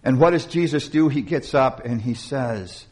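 A man preaching, building up with emphasis and then dropping into slow, quiet passages, with some restarts. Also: medium pitch. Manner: restarts and repeated words. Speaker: pastor. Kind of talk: sermon.

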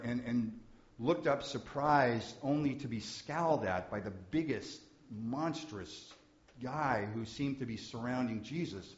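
A man preaching, telling a story slowly and softly, often dropping to a hush. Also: mid-range voice. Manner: slow, soft-spoken storytelling with hushed passages. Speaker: pastor. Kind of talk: sermon storytelling. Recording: dull, echoey room recording.

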